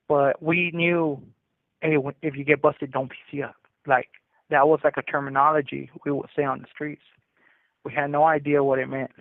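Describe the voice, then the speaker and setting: A man retells his youth in a candid, streetwise way, his slightly high voice squeezed through a tinny prison phone line. The sound is dry and close. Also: dry recording. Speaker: incarcerated caller. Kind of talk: casual storytelling over the phone.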